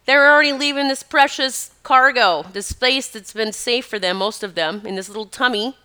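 A woman's voice: fairly high pitch, normal speed, pushed and bright, clean tone. A middle-aged woman talking as a spiritual advisor in a casual, chatty monologue, emphatic and prone to tangents.

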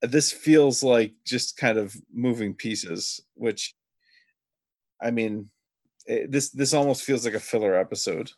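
A man's voice: mid-range voice, slow pace, no echo. Hesitant man, dry close sound. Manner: hesitant, restarts, then animated disbelief. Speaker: podcast co-host. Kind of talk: casual episode review chat.

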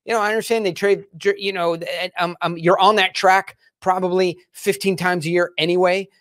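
A man's voice: high-pitched, level tone, a little fast, fairly bright tone, dry recording, studio quality. A man hosting an interview, asking blunt, curious questions in a casual, sometimes profane way. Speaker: podcast host. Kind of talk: interviewing a guest.

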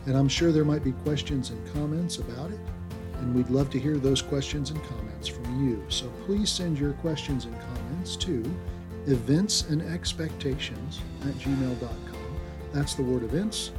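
A man co-hosting a radio program, reading scripture in a steady, measured way. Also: medium pitch, music in the background. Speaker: co-host.

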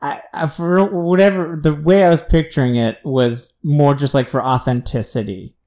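A man co-hosting a podcast in casual chat, halting and searching for words, often laughing. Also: on the high side, fairly even intonation, darkish tone. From United States. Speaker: podcast co-host.

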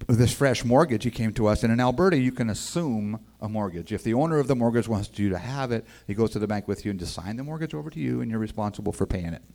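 A man telling his life story as a personal faith testimony in a casual, folksy way, acting out the people in it. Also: on the low side. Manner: animated, acts out the other people's voices in his story; casual and folksy, with 'man' and 'boy, I tell you'. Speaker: speaker giving a personal testimony.

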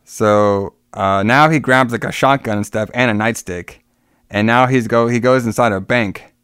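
A man's voice: mid-range voice, moderate pace, a bit bright, clean tone, no echo, clean studio sound. A man casually retelling a film's plot scene by scene, with many fillers and asides. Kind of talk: casual movie recap chat.

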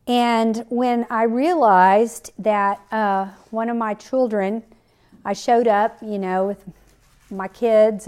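Earnest woman sharing a faith story. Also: medium pitch. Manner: earnest, personal storytelling with scripture quotes. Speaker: podcast host. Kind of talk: faith-based podcast talk.

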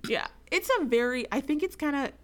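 A woman's voice: high voice, brisk. Chatty woman discussing a book. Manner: chatty, animated, many fillers. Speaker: book podcast co-host.

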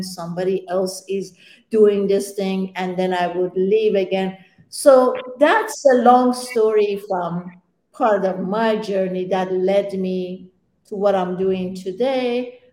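A woman's voice: mid-range voice, dark tone, reverberant, poor audio. A woman on a round-table panel, a healer and coach, telling her own story and acting out the dialogue in it.

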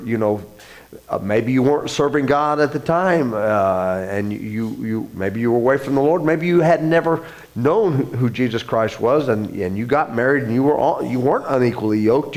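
A male pastor delivering a sermon in an earnest, conversational way, full of fillers and restarts. His voice sits at an ordinary pitch and climbs noticeably when he drives home a point. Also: darkish tone.

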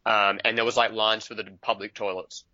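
A man's voice: lowish voice, level tone, brisk, pushed and bright, dry recording, highs cut off. A man from New Zealand telling stories in a casual video-call chat, laughing often. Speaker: podcast guest.

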